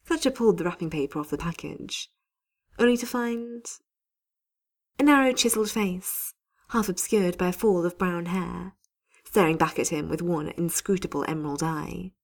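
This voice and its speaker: Low gravelly woman reading a story. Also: moderate pace. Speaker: story reader. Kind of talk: reading fan fiction aloud.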